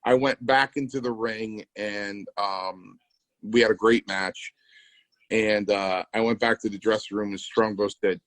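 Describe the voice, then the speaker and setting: A man's voice: lowish voice, fairly even intonation, a little slow, a bit bright, no echo, poor audio. A man co-hosting a podcast, a former wrestler telling rambling stories with restarts and quoted dialogue. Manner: rambling anecdotes with restarts, quoting others. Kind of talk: casual storytelling.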